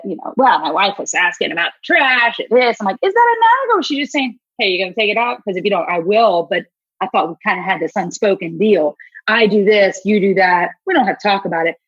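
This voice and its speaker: A middle-aged woman hosting a podcast in casual chat, animated, acting out quoted voices and laughing often. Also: medium pitch, a little fast, slightly rough, no echo. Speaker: podcast host. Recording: dull lo-fi sound.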